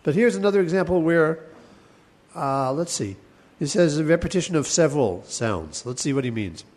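A man teaching a class on verse, thinking aloud with many restarts and chanting lines slowly. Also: on the high side, animated, darkish tone. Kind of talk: class lecture on Sanskrit poetics.

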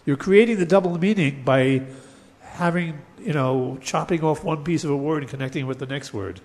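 A man's voice: a little high, darkish tone. Man lecturing, chanting verses in a hall. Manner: explains step by step and chants Sanskrit verses slowly. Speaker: teacher. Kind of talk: lecture on Sanskrit poetics.

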